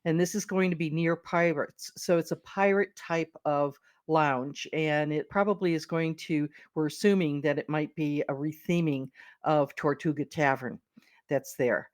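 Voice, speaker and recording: A woman's voice: low voice, fairly even intonation, unhurried, dry recording, studio quality. A middle-aged woman co-hosting a podcast in casual, enthusiastic chat, often restarting words. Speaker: podcast co-host.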